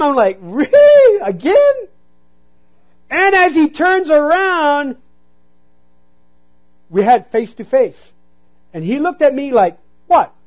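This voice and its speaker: A man preaching a sermon, telling a personal story and calling out to the congregation, sometimes dropping to a hush for emphasis. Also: extremely high pitch, low-quality recording. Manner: storytelling, call-and-response "Amen?".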